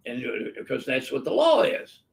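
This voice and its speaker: A man's voice: mid-range voice, wildly swooping pitch, moderate pace, creaky. An older man, a physician hosting a live webinar, telling stories in a blunt, emphatic, opinionated way. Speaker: physician host answering viewer questions. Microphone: live webinar microphone.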